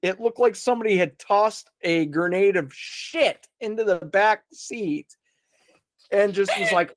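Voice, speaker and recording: A man's voice: high-pitched, a little slow, no room sound. A man telling a story as a podcast guest in a rambling, casual way, swearing freely and laughing along.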